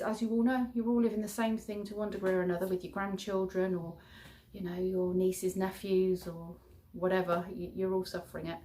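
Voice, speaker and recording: A woman's voice: medium pitch, flat delivery, a little fast, few pauses. A middle-aged English woman chatting casually to her viewers in a rambling vlog sign-off. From England. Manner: chatty, rambling, warm-hearted, chuckling. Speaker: childminder and vlogger.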